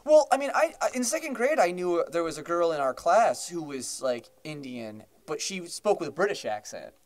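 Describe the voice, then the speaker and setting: A man's voice: a little high, big pitch swings, normal speed. A young man co-hosting a podcast, chatting casually, rambling with many fillers and restarts and laughing often. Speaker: podcast co-host. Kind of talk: casual chat.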